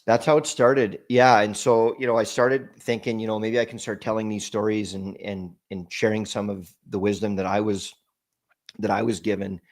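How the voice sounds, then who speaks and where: A man with a fairly low voice, speaking as a guest in an interview. He tells a heartfelt personal story in a halting way, often restarting and repeating words as he gathers his thoughts. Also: flat delivery. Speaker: podcast guest.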